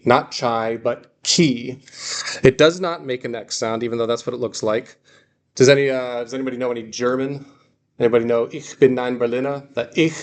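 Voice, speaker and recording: A man teaching a classroom lecture in a casual, joking way, often restarting and correcting himself. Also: mid-range voice. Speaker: Greek teacher.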